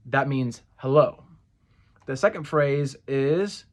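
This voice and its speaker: A young man giving a casual spoken lesson for a church group, earnest and repeating each phrase slowly so listeners can practice. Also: on the high side, lively intonation, a bit bright. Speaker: church language teacher.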